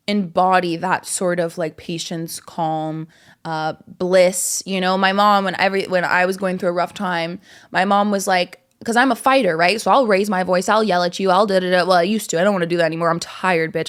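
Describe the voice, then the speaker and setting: A young woman hosting a casual podcast, chatty and rambling, with lots of fillers and giggles. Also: mid-range voice. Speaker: podcast host. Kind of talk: casual chat.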